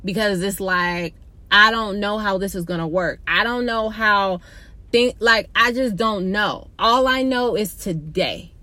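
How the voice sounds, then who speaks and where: A woman's voice: mid-range voice, unhurried, sharp tone, no room sound. Young adult woman, casual chat, rambling, candid, says y'all a lot. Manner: rambling, candid, addresses viewers as y'all, frequent likes. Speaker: vlogger sharing a personal faith story. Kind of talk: casual testimony to viewers.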